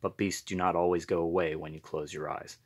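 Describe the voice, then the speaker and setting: A man reading a picture book aloud in a gentle, unhurried storytelling manner. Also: deep voice, little pitch movement.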